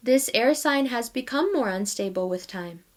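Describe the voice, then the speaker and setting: A woman's voice: a little high, expressive, normal speed. A woman giving a casual tarot reading, talking straight to her viewers in a chatty way and laughing often. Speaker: tarot reader.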